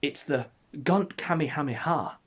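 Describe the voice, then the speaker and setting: A man telling an absurd story as comedic narration, in a deadpan, mock-epic way. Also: on the high side, unhurried.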